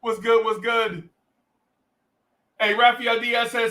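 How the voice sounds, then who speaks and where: The recording is poor, and the man on it has an extremely high pitch, taking things slowly with long pauses. As host of a livestream, he animatedly tells a story, performs voices, and reads chat comments out loud.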